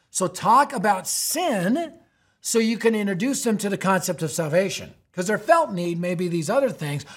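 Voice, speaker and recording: A man's voice: sits high, slightly rough. A man hosting a youth ministry podcast, teaching emphatically in a preaching style, with rhetorical questions and frequent "right?".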